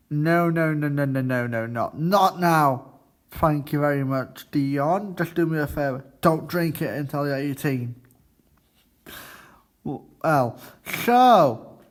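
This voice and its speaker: Slow, halting young man on student radio. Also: a little high. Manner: halting, chatty, quizzes classmates in the studio. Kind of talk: casual radio chat.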